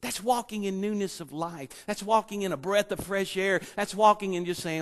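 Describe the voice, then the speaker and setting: Man, sermon, lively storytelling, high voice, reverberant church hall. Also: moderate pace, few pauses. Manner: animated storytelling, acts out quoted voices. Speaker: lay preacher and schoolteacher. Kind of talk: sermon with personal stories.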